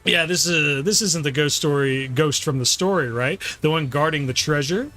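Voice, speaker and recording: Sarcastic young male streamer, bright voice. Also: fairly high pitch, moderate pace, faint music behind. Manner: crude, sarcastic, joking. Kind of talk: casual gameplay commentary.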